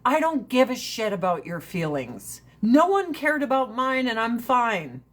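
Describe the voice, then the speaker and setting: Woman, forties, higher voice, casual livestream chat, profane, blunt, laughs a lot. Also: sing-song, a little slow. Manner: brash, profane, ranting; laughs often between lines.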